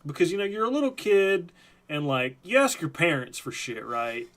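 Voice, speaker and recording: A man's voice: on the high side, sing-song, moderate pace, fairly bright tone. A man hosting a live stream, telling a rambling, profane story in a casual chat. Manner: rambling, profane, lots of fillers.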